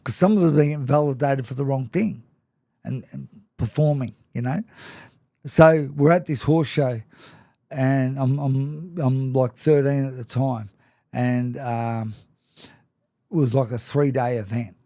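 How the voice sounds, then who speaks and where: A middle-aged man speaks as a guest, telling candid stories with frequent restarts and little laughs. His voice sits at an ordinary pitch. The recording is dry and close, with no room sound. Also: fairly even intonation, measured pace, mellow, dry recording. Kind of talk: candid storytelling in conversation.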